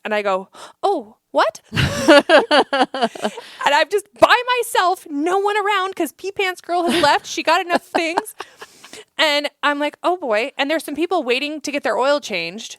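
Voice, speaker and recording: Animated woman telling a story, dry studio sound. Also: high voice, no room sound. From Iowa, USA. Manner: animated storyteller, acts out quotes, laughs often. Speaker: podcast co-host. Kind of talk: casual storytelling chat.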